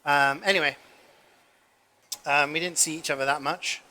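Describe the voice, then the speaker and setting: Bright-voiced young man rambling. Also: a little high, fairly even intonation, moderate pace. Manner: rambling, filler-heavy, swears casually. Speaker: cooking streamer. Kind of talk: casual storytelling while cooking.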